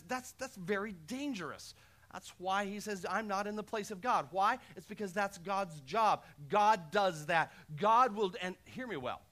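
A man preaching a sermon as pastor, impassioned, swinging between loud emphatic lines and quiet asides. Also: high voice.

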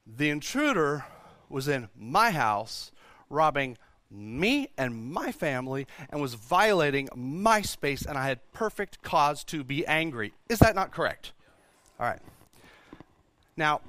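Bright, emphatic male pastor preaching. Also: on the high side, no room sound. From Texas. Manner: emphatic, rhetorical questions, frequent restarts. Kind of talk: sermon. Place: church.

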